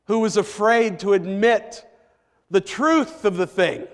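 A pastor delivers a sermon in a high, light voice, unfolding his story slowly and leaning into key phrases with emphatic rises. His words hang in the long reverb of a church sanctuary.

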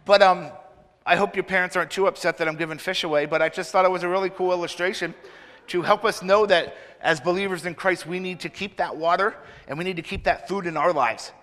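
A man's voice: high-pitched, fairly even intonation, fast, a bit bright. A man giving a children's sermon in a church, playfully asking the children many questions. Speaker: children's minister. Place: church sanctuary. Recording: reverberant church hall.

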